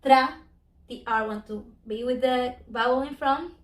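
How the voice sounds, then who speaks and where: A high-pitched woman teaches an online language lesson, breaking words into syllables slowly and carefully. Her voice rings out in a roomy, echoey space. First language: Spanish. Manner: slow, careful spelling out of syllables. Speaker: Spanish teacher.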